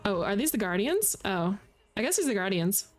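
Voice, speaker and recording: A woman's voice: medium pitch, sing-song, fairly quick. A woman VTuber streamer chatting casually as she plays a game, reacting aloud and laughing often. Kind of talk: casual gameplay commentary.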